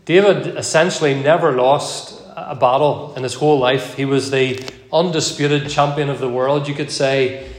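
A man preaching an evening sermon in a measured, earnest way, slowing down to read verses aloud, with an occasional cough. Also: medium pitch, roomy sound. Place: church.

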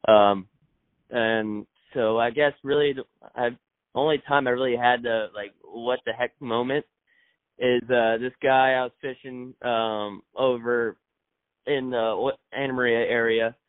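A man, a fishing charter captain, telling a story on a podcast in a calm, halting, easygoing way, heard over tinny phone-like audio. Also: mid-range voice, dry recording.

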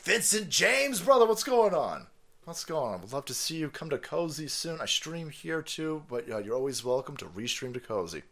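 A man hosting a livestream, ranting loudly with sarcasm, constant cursing and frequent laughter. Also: fairly high pitch, big pitch swings, moderate pace. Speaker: livestream host. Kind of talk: profane ranting commentary.

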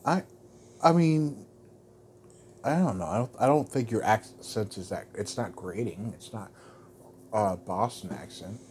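A man's voice: lowish voice, a little slow, long pauses, darkish tone, a little hiss or hum. A man co-hosting a casual podcast, teasing and mumbling, tired. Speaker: podcast co-host. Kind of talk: casual chat.

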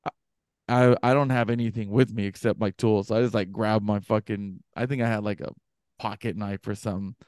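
A young man co-hosting a podcast, telling a story casually and acting out the other people's voices with big jumps in pitch. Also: a little fast, dry recording, clean studio sound. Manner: animated, acts out quoted voices with pitch jumps. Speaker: podcast co-host.

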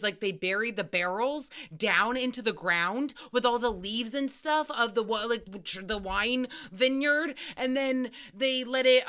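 A young woman with a fairly high, bright voice that comes across smooth and clear. She hosts a casual podcast and rambles through stories, swearing and bursting into loud acted-out quotes. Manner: animated, swearing, acts out quotes with loud outbursts. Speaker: podcast host. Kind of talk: casual storytelling recap.

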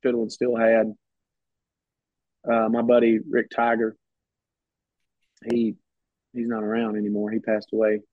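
A man's voice: on the low side, monotone, unhurried, long pauses, no echo. A man talking as a podcast guest, telling stories in a rambling, casual way and restarting his phrases often. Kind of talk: casual storytelling chat. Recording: dull, slightly muffled sound.

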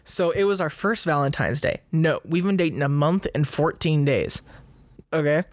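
A young man co-hosting a casual podcast chat, telling animated stories with many fillers. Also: a little high, moderate pace, no room sound. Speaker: podcast co-host.

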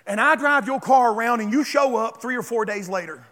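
A man preaching a sermon as pastor, calling on the congregation to respond and building up to shouts. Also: very high-pitched, a little fast, long reverb tail.

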